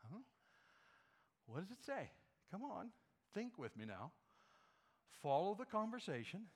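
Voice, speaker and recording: A male pastor delivers his sermon in a slightly high voice that swings widely in pitch. He preaches at an unhurried pace and presses his points with rhetorical questions to the congregation. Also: very animated.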